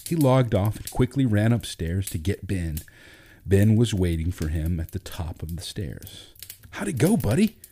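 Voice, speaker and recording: A man narrating a storybook in a measured, gentle reading. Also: sits low, husky.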